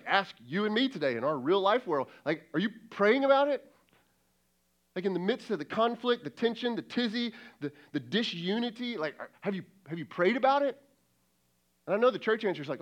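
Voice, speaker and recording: A man's voice: high voice, muffled recording. A man who is a lead pastor, preaching a sermon in a conversational way and often asking rhetorical questions. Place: church service.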